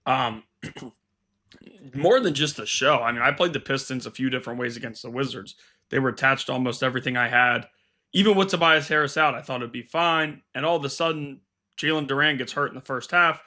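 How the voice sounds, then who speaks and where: A man with a crisp, bright tone co-hosts a betting talk show. He speaks in a plain, matter-of-fact way in casual chat, at an ordinary pitch. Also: a little fast. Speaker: co-host.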